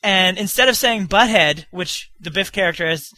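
A man's voice: high-pitched, normal speed, pushed and bright, dry recording. A man co-hosting a casual podcast, rambling through stories and laughing often. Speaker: podcast co-host.

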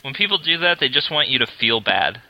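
Very bright-voiced man cracking dry jokes. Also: mid-range voice, very animated, fairly quick, vocal fry, no room sound, low-quality recording. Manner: dry wisecracks, laughs often. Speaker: podcast co-host. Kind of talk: casual comedy podcast chat.

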